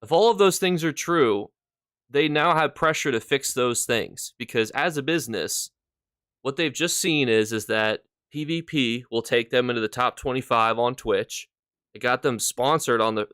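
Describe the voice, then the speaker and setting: Man, casual live-stream chat, rambling and chatty, smooth clear voice, dry close mic. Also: mid-range voice, moderate pace, a bit bright, dry recording. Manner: chatty, rambling, thanks viewers between points.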